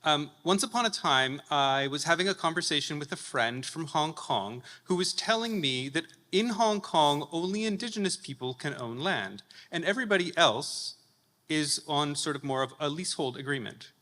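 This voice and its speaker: A man with a fairly high, bright voice asks the panel an earnest question from the floor, starting with a few hesitations. The hall's long reverb follows his words. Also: expressive, normal speed. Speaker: audience member asking a question. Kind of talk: public Q&A question. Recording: reverberant conference hall.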